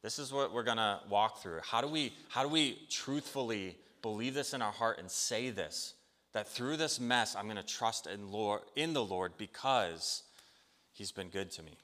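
A man's voice: lowish voice, moderate pace, pushed and bright. A man preaching a sermon in an earnest, conversational way, acting out the people he quotes. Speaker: pastor. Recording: long hall reverb.

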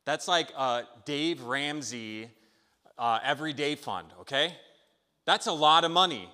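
A man preaching a sermon in a conversational, animated way, telling a story and checking in with the listeners. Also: a little high, measured pace. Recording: long hall reverb.

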